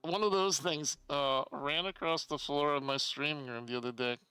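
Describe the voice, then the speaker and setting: A man's voice: fairly high pitch, fairly even intonation, normal speed, bright, forceful tone, clear, resonant tone, no echo, faint music behind, poor audio. A man chatting casually with his live-stream chat, reading out messages and telling stories with a lot of swearing, from his home streaming room.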